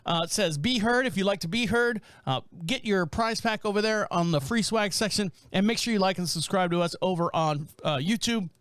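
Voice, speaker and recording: A man's voice: high-pitched, a little fast, few pauses, clear, resonant tone, dry recording. A man hosting a podcast, talking casually and laughing often as he comments on a video clip. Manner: animated, laughs often, chatty with fillers. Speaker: podcast host.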